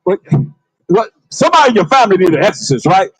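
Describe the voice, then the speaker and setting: A man's voice: high voice, very animated, quick pace, slightly rough, dry recording, poor audio. A man preaching outdoors on a city street, confronting and calling out to passersby.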